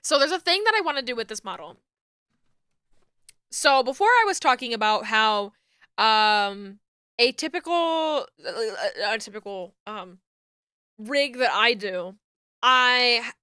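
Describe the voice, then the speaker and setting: A young woman chatting casually on a live stream while rigging a model, excitable and full of laughs and fillers. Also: a little high, unhurried, pauses often, smooth, no room sound, studio quality.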